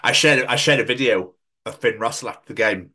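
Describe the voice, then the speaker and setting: A man from Scotland, hosting a podcast and telling stories in casual chat, sweary and animated. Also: mid-range voice, fairly quick, husky. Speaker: podcast host.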